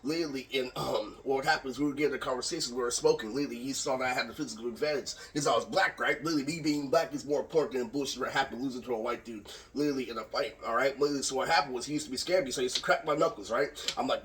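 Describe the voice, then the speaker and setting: A man's voice: medium pitch, fairly bright tone, slight background noise. A young man telling a long, rambling story in a casual vlog, swearing and saying "literally" again and again. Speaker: vlogger. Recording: voice distant from the mic.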